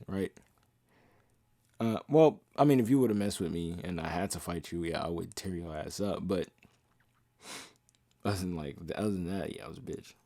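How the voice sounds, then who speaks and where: Low-pitched and dark in tone, this young man hosts a podcast monologue that's casual, passionate, blunt and full of swearing. He half-sings lyrics when quoting songs, and the studio-quality audio has no room sound.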